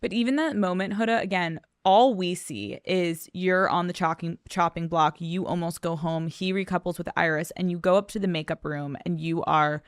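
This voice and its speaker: A podcast host presses her guest with pointed questions, casual and unfiltered, swearing as she goes. Her voice sits fairly low for a woman. The recording is dry and close. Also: moderate pace, few pauses, smooth, no room sound. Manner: direct, casual, swears freely. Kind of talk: interview questions.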